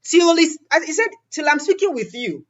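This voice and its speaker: A woman hosting an interview, telling a story in lively, acted-out dialogue. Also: high-pitched, moderate pace. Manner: animated, quotes others in acted-out dialogue. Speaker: interview host. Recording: dull lo-fi audio.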